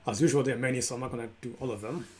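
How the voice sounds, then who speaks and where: A man's voice: medium pitch, steady tone, very fast, a little mellow, breathy edge. A man hosting a live stream, thanking his followers at length and stumbling over their names. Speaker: host.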